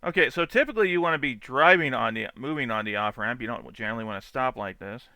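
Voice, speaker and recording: Bright, crisp-voiced man. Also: mid-range voice, animated, fast, dry recording. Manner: chatty, laughs often, swears freely, mimics angry drivers. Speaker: streamer reacting to dash cam clips. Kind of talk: casual live-stream commentary.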